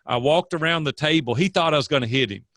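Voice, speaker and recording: A man's voice: on the high side, fast, fairly bright tone, dry recording, clean studio sound. An older man, a coach and guest, telling stories in a casual interview with an earnest, preachy manner.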